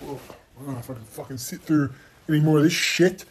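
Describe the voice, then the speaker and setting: A young man commentating his own racing game playthrough, swearing constantly, mocking himself and bursting into loud exclamations. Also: on the high side, quick pace, slightly rough. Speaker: gaming channel host.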